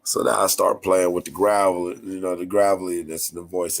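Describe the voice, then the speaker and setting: A man from North Carolina with a raspy, nasal voice, chatting casually as a podcast host in a laid-back, rambling, slangy way. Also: sits low, flat delivery, brisk, few pauses. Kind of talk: casual chat.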